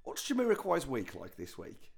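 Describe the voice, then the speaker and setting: A man's voice: medium pitch, huge pitch swings, normal speed, gravelly, a crowd in the background. A man joking around as a podcast co-host, playful and laughing often. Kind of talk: casual comedy chat.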